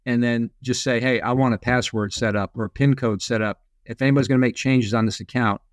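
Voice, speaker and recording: A man's voice: medium pitch, steady tone, fast, no echo. A man as a podcast guest, explaining at length with frequent restarts. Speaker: guest, former FBI agent. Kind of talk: casual podcast interview.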